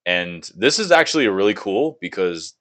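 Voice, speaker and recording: A man's voice: low-pitched, big pitch swings, moderate pace, a bit bright. A young man hosting a casual gaming podcast, loose and profane, laughing a lot and reading game blurbs aloud. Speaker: podcast host.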